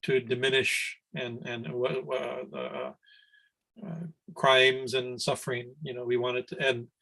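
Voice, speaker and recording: A middle-aged man gives a spiritual discourse over a video call. His voice sits at an ordinary middle pitch. He talks loosely, restarting sentences and often checking in with "right?". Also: level tone, takes it slowly, gravelly, sharp tone, low-quality recording. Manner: rambling, conversational, frequent "right?" and restarts. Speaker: swami teaching scripture class.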